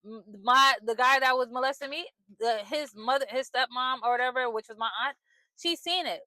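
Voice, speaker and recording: Young mom ranting into her phone, cussing a lot, high sharp voice, dry sound. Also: a little fast, no room sound, low-quality recording. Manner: blunt, angry, swearing freely, voice dropping low when upset. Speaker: mother speaking out. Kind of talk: emotional vlog monologue.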